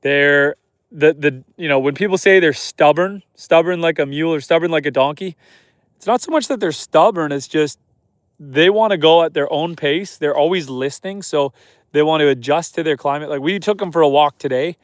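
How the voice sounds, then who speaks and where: A man from Canada, a homesteader livestreaming outdoors at night, reading viewer comments aloud and chatting back in a relaxed way. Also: on the high side, normal speed, no room sound, studio quality. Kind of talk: casual live stream chat.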